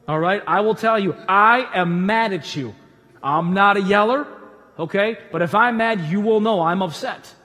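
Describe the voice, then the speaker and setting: A man, a pastor, giving a conversational sermon in a church auditorium with animated storytelling and humorous asides. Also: high voice, normal speed, long reverb tail.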